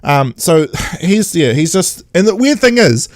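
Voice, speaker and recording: Male podcast host, sarcastic, animated, slightly high voice, dry close mic. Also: a little slow, no room sound. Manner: animated, sarcastic, mimics characters. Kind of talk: casual chat.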